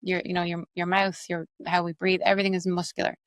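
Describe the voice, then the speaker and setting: An Irish woman explains accent work with quick, lively energy, using examples. Her voice sits a little low. The sound is close and dry. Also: no room sound. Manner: fast, animated, explains with examples. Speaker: accent coach and actress, guest. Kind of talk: explanatory interview talk.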